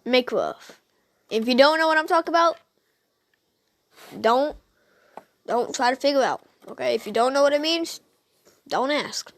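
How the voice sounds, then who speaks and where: A woman's voice: sits high, animated, measured pace, long pauses. A woman casually retelling a fan story to her viewers, hesitant and full of "um"s and restarts, chatting straight at the audience.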